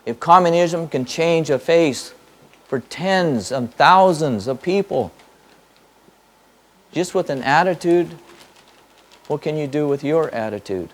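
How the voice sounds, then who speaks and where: Speaking slowly and pausing often, a spiritual teacher with a somewhat high, expressive voice addresses a live audience in a hall. His delivery is emphatic and repetitive, built on rambling strings of rhetorical questions.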